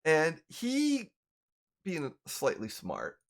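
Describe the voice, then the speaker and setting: Lively man running a tabletop game. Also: fairly high pitch, drawn-out words. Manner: lively, flustered rules talk. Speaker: game master.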